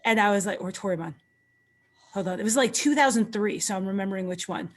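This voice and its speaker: A woman in her thirties hosting a casual wrestling podcast chat, lively and acting out the people in her stories. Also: mid-range voice, quick pace. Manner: animated storyteller, acts out quotes. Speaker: podcast host.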